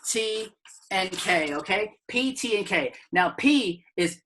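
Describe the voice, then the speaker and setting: A man who is a comedian guest, chatting casually in an upbeat, joking way and telling animated stories. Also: high voice, slow pace, background noise. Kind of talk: casual interview chat.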